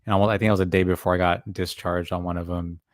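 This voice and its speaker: A man, a guest DJ, talking casually and sincerely in a stream interview, with halting fillers. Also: deep voice, level tone, dry recording, clean studio sound. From California.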